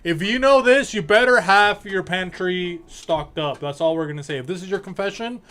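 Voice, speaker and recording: A man's voice: sits high, moderate pace, sharp tone. A man hosting a casual podcast chat, joking, teasing and swearing freely. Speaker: podcast host.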